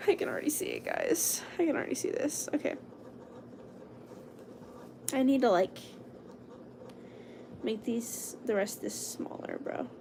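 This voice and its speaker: A young woman chats casually to her stream while she draws, narrating every stroke and now and then dropping to a hushed whisper. Her voice has a gravelly edge and swings up and down in pitch. The home recording carries a steady layer of noise. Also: measured pace, long pauses. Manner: chatty, talks herself through each step, drops to a hushed whisper at times. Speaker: livestreamer. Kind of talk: casual livestream chat while drawing.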